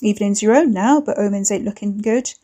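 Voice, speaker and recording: A woman putting on a cocky young man, smug, mocking drawl, mellow tone. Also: mid-range voice, a little fast, close to an everyday voice. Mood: taunting.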